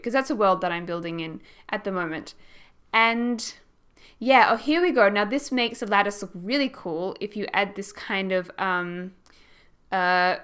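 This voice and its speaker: A woman's voice: medium pitch, a bit bright. A young Australian woman chatting casually as she narrates a house build for her channel, rambling and laughing as she goes. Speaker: gaming YouTuber.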